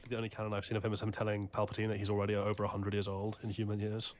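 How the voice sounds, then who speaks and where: A man in casual gaming chat, telling stories in an excitable way. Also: fairly low pitch. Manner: fast, excitable storytelling. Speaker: co-host.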